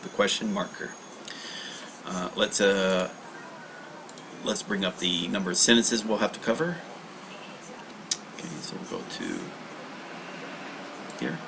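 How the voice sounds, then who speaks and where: Male livestream tutor, lowish voice, rambling and self-correcting, casual teaching delivery. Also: big pitch swings, measured pace, gravelly, pauses often, background noise. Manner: rambling, self-correcting, reading aloud and explaining. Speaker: livestream study host.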